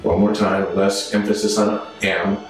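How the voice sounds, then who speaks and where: A man's voice: deep voice, flat delivery, unhurried. A man directing a performer, patiently correcting his line delivery. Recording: very echoey with music.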